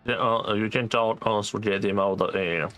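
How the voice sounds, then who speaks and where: A man's voice: fairly low pitch, normal speed, fairly bright tone. A man with a Quebec French accent making short, offhand remarks as he streams a video game. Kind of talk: casual let's-play commentary.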